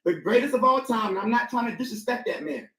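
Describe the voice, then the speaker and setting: A man's voice: very high-pitched, quick pace, a bit bright, roomy sound, rough recording. A man speaking as a guest in a casual panel discussion, hammering his points home and repeating key words for emphasis.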